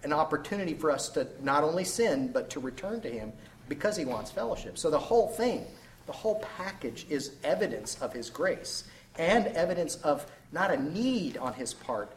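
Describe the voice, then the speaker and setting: A man in a Bible study group speaking reflectively and hesitantly, with many pauses and fillers. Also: on the high side, very animated, slight background noise, low-quality recording. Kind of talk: group discussion.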